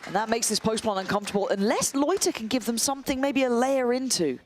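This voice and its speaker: A man casting an esports match live, fast and excitable, shouting on big plays, his voice going hoarse. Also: very high voice. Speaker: play-by-play esports caster. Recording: loud game music behind.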